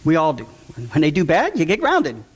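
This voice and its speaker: A man's voice: on the high side, huge pitch swings, normal speed, husky. A father giving an earnest, emotional testimony to a church audience, repeating key words for emphasis.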